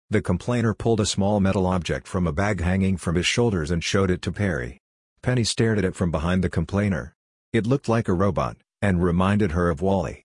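A man narrates a story slowly and evenly. His voice is very deep and husky. The recording is close and dry, with no room sound. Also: a little mellow, dry recording. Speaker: audiobook narrator.

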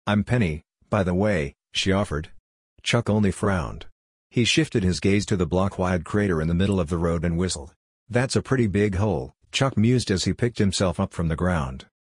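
A man narrating an audiobook story in an even, measured reading. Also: sits low, husky, dry recording, studio quality.

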